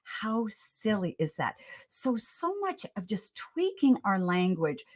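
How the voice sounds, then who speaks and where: A woman's voice: mid-range voice, sing-song, takes it slowly. An older woman, a pediatrician guest on a podcast, giving parenting advice in an earnest, storytelling way with frequent restarts. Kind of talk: conversational advice in a podcast interview.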